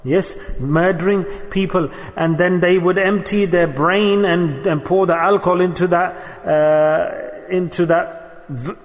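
Guy giving a sermon, kinda high voice, storytelling, long echo like a big hall. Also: fairly even intonation, takes it slowly. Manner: storytelling, quotes Arabic verses. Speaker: preacher. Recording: hall reverb.

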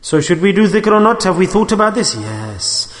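High-voiced man preaching in an echoing hall. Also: quick pace. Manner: emphatic, repeats phrases, asks the audience questions; mixes English with Arabic and Urdu religious terms. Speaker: Sufi shaykh preaching on dhikr. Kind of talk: sermon. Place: mosque hall.

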